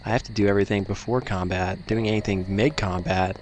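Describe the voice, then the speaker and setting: A man's voice: fairly low pitch, fairly even intonation, a little fast, few pauses. A man hosting a let's play, giving casual gameplay commentary that is rambling, self-deprecating and thinking aloud.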